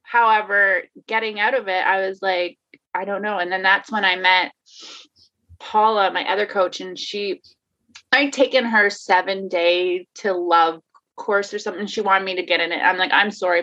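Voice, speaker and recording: A woman's voice: mid-range voice, fairly even intonation, normal speed, bright, forceful tone. A woman talking candidly in a casual conversation, laughing often, swearing and restarting her sentences. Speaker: guest, life coach. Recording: dull lo-fi sound.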